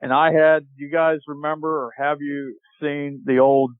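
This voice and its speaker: A man with a slightly raised voice tells a hunting story, animated and chatty, and acts out the shouts of his friends. His voice comes through a dry, narrow, phone-like connection. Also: fairly high pitch, moderate pace, dry recording. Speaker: podcast guest. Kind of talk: storytelling in a casual chat. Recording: tinny phone-like line, dry.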